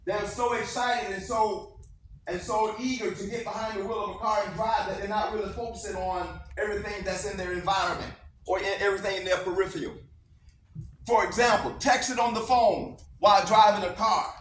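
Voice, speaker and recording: A man's voice: high-pitched, steady tone, brisk, fairly bright tone. A man giving a motivational speech to students in a classroom, emphatic and repetitive, leading call-and-response. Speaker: motivational speaker. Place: school classroom. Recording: echoey classroom from far off, faint noise.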